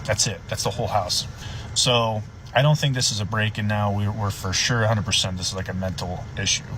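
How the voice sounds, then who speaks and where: Animated swearing deputy telling a story. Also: male voice, on the low side, fairly quick, a little hiss or hum, poor audio. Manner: animated, swearing, acts out voices. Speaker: sheriff's deputy. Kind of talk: casual storytelling.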